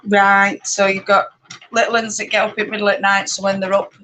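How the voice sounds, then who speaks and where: Chatty Yorkshire woman, loud over a spinning wheel. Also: mid-range voice, flat delivery, a little fast, low-quality recording. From Yorkshire, England. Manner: chatty, rambling, laughs often; talks loudly to be heard over her spinning wheel. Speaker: spinning channel host. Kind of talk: casual live-stream chat.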